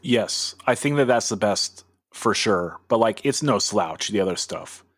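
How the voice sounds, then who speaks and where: Casual, swearing hardcore podcast host. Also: male voice, fairly low pitch, expressive, unhurried, no room sound, studio quality. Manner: loose and profane, heavy on filler words. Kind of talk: casual chat.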